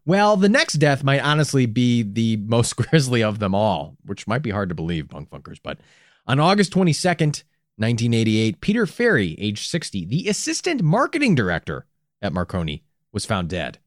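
Lively, wry true-crime podcast man. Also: mid-range voice, normal speed, no room sound, studio quality. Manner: storytelling, wry asides. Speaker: podcast co-host.

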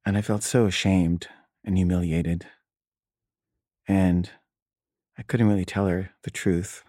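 A man's voice: sits low, fairly even intonation, measured pace, long pauses, mellow, dry recording, studio quality. A man casually telling a personal story, wry and loose, with frequent filler words.

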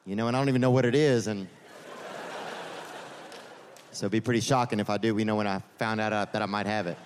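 A man doing a stand-up comedy set at a live venue. He rambles through the story, corrects himself often and drops deadpan asides. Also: fairly low pitch, fast, a little hiss or hum.

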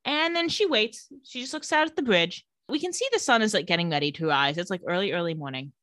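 A woman co-hosting a casual chat, retelling scenes with quick voiced quotes and laughs. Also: mid-range voice, lively intonation, fairly bright tone, no echo, clean studio sound. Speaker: podcast co-host recapping a TV episode.

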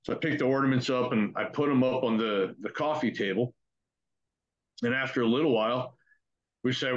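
A man's voice: fairly low pitch, steady tone, fairly quick. Man telling a swearing, casual ghost story. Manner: profane, conversational, acts out quotes. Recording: dull lo-fi recording.

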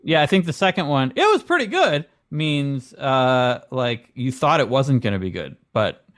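A man co-hosting a casual comedic podcast, talking in an earnest, animated way. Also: medium pitch, a little slow. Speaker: podcast co-host.

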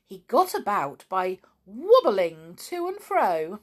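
A woman reading a children's storybook aloud in a gentle, expressive, unhurried way. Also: medium pitch.

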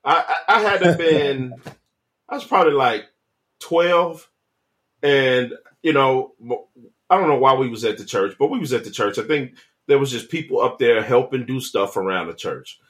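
A man's voice: mid-range voice, animated, normal speed, a bit bright. A man co-hosting a casual chat, telling a childhood story in an easygoing, drawling way with frequent restarts. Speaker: podcast co-host.

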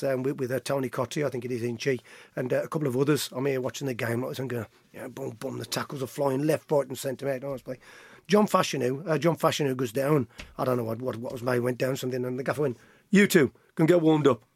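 A middle-aged man, a guest telling an animated anecdote and acting out the voices of others. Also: medium pitch, quick pace, husky, dry recording. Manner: lively storyteller acting out quotes, laughs often. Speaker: guest, former footballer.

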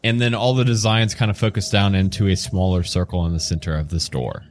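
A man narrating as game master in a tabletop game, describing scenes haltingly with fillers and reading a riddle out slowly and solemnly. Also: low-pitched, a little hiss or hum. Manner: reads the riddle in a raised, slow, solemn voice.

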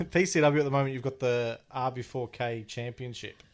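A man's voice: mid-range voice, fairly even intonation, normal speed. Curious male interviewer. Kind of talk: casual interview questions.

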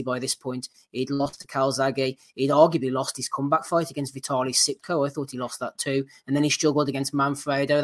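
A man hosting a boxing podcast, steadily running through results and steering the talk. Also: medium pitch. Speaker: podcast host. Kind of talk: casual boxing chat.

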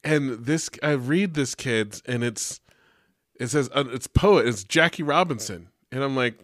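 A young man, a teacher, telling a story in casual chat, animated and profane, full of "like", acting out the quotes. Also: mid-range voice, unhurried, no room sound, clean studio sound. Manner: animated and profane, heavy use of "like", acts out quotes.

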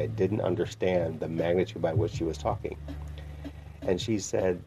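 A man from northern Illinois, a podcast host telling his personal faith story in a reflective, heartfelt way with pauses. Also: low voice, steady tone, mellow, slight background noise. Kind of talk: personal testimony.

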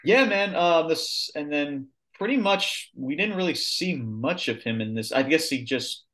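A man co-hosting a podcast, giving a casual, animated wrestling review with blunt, sweary rants. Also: on the high side, measured pace. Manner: ranting, animated, swears freely. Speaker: podcast co-host.

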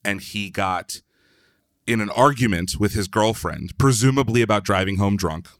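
A man's voice: lowish voice, normal speed, a bit bright, dry recording, clean studio sound. A man from Philadelphia, a podcast guest, telling a long story in a loose, chatty way, full of "like" and the odd swear word. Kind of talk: casual storytelling.

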